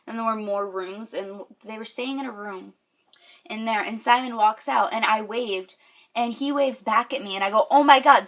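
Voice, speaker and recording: A woman's voice: medium pitch, a bit bright. A young woman from New York telling a story to camera with lots of fillers, gushing and squealing when she quotes people. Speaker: vlogger.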